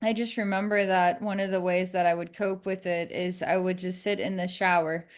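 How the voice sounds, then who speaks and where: A woman speaking as a podcast guest, telling a personal story candidly in a reflective, halting way with many restarts. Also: lowish voice, steady tone.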